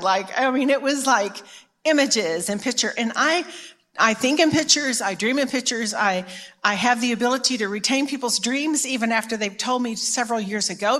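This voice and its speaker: A woman's voice: a little high, fairly bright tone. A middle-aged woman from Texas, giving a storytelling sermon at a conference in a chatty, self-mocking way with frequent restarts. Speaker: conference preacher.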